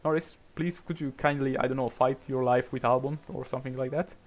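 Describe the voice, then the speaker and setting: A man's voice: medium pitch, steady tone, a little fast. A young Italian man with an Italian accent, casually commentating his racing game stream in a chatty, rambling way. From Italy. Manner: chatty, rambling, frequent restarts and little laughs.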